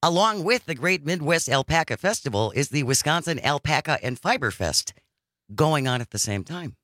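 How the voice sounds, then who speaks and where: Lively, bright-voiced male radio host. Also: on the high side, moderate pace, no echo, clean studio sound. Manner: animated, reads news items aloud. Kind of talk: casual radio chat.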